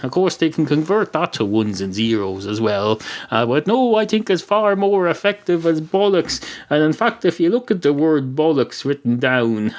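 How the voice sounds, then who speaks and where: An Irish man hosting a solo comedy podcast, rambling and sardonic, with many "uh" fillers and mock-outraged asides. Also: mid-range voice. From Ireland. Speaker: podcast host.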